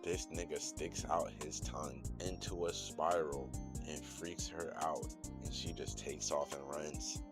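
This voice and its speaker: Deep-voiced young man, slangy casual recap. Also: level tone, unhurried, loud music behind the voice. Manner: loose, slangy and profane, heavy on fillers. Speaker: channel host recapping an anime episode.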